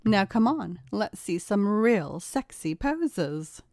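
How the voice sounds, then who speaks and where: A woman's voice: medium pitch, very animated, darkish tone, no echo, clean studio sound. A woman doing a smug, domineering woman. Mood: taunting. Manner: smug, commanding, drawn-out purring delivery. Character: domineering taunting adult woman.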